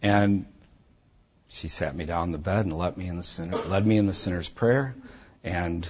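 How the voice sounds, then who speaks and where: A man bluntly and intensely telling his personal testimony, with a husky voice. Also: sits low, normal speed, lo-fi sound. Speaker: speaker giving a personal testimony.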